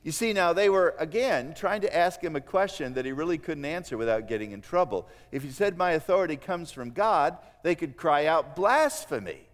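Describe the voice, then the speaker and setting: A man preaching a sermon in an animated way, acting out the voices of the people he quotes. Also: a little fast, hardly any pauses. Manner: animated, acts out quoted voices with big pitch swings. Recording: long reverb of a large hall.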